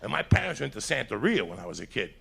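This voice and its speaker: A man's voice: medium pitch, big pitch swings, fast, creaky, pushed and bright, breathy edge. A man from Cuba doing a stand-up set, telling rowdy, profane stories. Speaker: stand-up comedian. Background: audience laughter.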